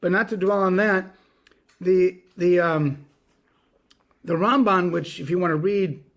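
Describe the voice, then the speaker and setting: Higher-voiced man reading translations aloud. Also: a bit bright. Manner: measured, reads quotes slowly. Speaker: class participant. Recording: video call audio.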